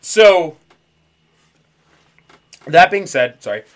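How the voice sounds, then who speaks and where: A man's voice: a little high, extremely slow. A man hosting a casual podcast, telling a story with lots of swearing and laughter. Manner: profane, laughs a lot, animated storytelling. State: dry mouth. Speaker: podcast host. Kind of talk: casual conspiracy podcast chat.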